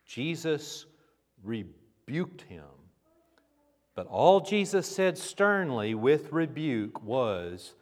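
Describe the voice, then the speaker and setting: A man preaching a sermon as pastor, dramatic and emphatic, with rhetorical questions and long pauses. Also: medium pitch, big pitch swings. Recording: reverberant hall.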